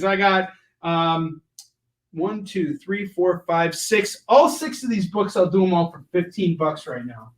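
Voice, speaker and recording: A high, bright-voiced man hosts a live sales show in an animated, jokey way. He pitches deals and bursts out with silly shouted sound effects. The room around him is echoey. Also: measured pace. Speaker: host of a live comic shopping show.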